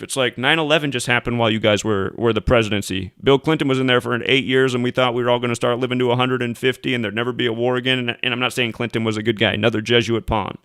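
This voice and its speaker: A man holds forth in a heated monologue, cursing and jeering at his listeners. His voice is smooth and full, heard close up with no room sound at all. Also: medium pitch, fairly quick, fairly bright tone, dry recording. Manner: profane, angry, mocking outbursts. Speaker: host. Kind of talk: ranting commentary monologue.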